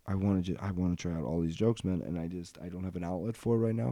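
A man's voice: low-pitched, fast, dark tone, no room sound. A man in his twenties hosting a solo podcast, talking casually and rambling with lots of ums and uhs. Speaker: podcast host.

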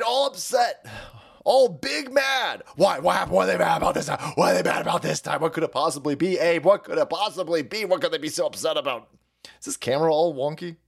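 Lively foul-mouthed male streamer. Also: a little high, creaky. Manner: loud, laughing, mocking, foul-mouthed. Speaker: streamer host. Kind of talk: rambling political stream rant.

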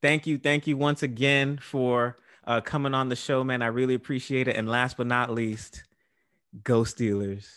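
A man's voice: medium pitch, steady tone, normal speed, a bit bright, clear, resonant tone, dry recording, clean studio sound. A man hosting a casual podcast, who repeats words for emphasis. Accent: New York. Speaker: podcast host.

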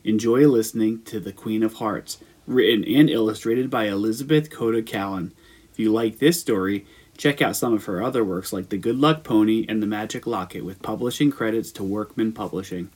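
A man's voice: lowish voice, brisk, a little mellow, slightly rough. Man reading a podcast intro. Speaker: podcast announcer.

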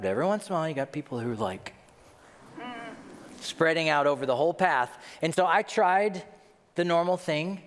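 A middle-aged man preaching a sermon as a pastor, telling stories with self-deprecating humor. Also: fairly high pitch. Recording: long hall reverb.

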